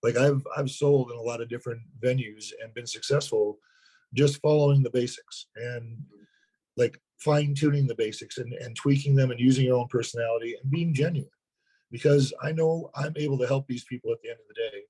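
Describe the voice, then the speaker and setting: A hoarse man, a sales partner, talking earnestly in a webinar interview and often repeating words as he starts a thought. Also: mid-range voice, steady tone, fairly quick, warm tone, poor audio. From North Dakota.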